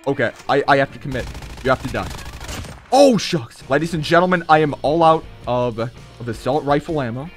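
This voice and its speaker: Young male streamer, excitable running commentary to chat, slightly high lively voice, faint music under. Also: normal speed. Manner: excitable, talks to chat, yelps and laughs in high bursts. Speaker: gaming streamer. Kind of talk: live gameplay commentary.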